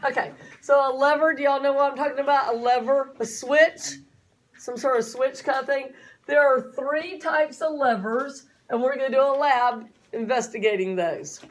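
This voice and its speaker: Woman science teacher, high voice, folksy and chatty in front of a class. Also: steady tone, moderate pace. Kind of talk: classroom lecture.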